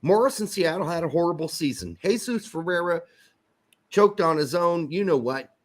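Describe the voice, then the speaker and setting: Animated, higher-voiced man bantering on a podcast. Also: moderate pace. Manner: joking, swears freely, rambling asides. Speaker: soccer podcast co-host.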